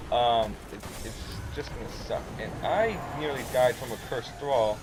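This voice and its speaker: A man talking loosely through a replay of his own game, narrating each move in a rambling, chatty way. His pitch sits in the ordinary middle range. The game's sound effects run clearly underneath him. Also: moderate pace, few pauses, noisy background. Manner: casual, rambling, play-by-play. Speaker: gamer, channel host. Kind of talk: gameplay commentary voice-over.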